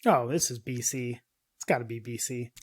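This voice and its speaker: A man co-hosting a casual podcast chat, jokey and quick with questions and quips. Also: medium pitch, husky. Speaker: podcast co-host.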